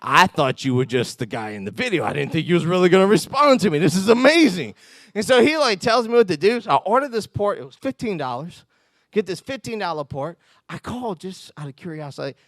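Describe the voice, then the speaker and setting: A man giving a conversational sermon as pastor, telling stories with self-mocking humor and quick laughs. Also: high-pitched, very animated, fairly bright tone, dry recording, clean studio sound.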